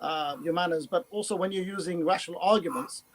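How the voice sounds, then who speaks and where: A man on a panel giving earnest, halting explanations with frequent fillers. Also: sits high, low-quality recording. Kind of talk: casual panel chat.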